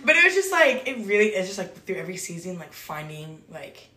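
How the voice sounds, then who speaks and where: A woman's voice: medium pitch, sing-song, brisk, pushed and bright. A woman who leads a small group, chatting casually about faith, rambling, filling with "like" and laughing often. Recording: roomy echo.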